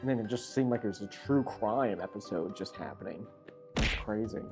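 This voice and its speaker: A man's voice: on the low side, a little fast, over music. A man chatting casually as he reacts to a video, rambling and cutting himself off as he goes. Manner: rambling, self-interrupting, animated.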